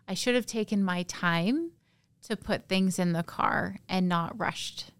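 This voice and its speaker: A woman from Canada, a podcast guest, recounting a personal story in a halting, emotional, soft-spoken way. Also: mid-range voice, no echo.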